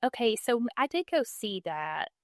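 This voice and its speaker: A woman's voice: fairly high pitch, very animated, normal speed, dry recording, studio quality. Playful woman podcast host. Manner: joking, playful interjections. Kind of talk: casual podcast chat.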